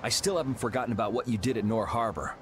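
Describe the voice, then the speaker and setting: A man's voice: lowish voice, quick pace, a little hiss or hum, lightly acted. An actor playing a sardonic young swordsman in a video game, dry and blunt.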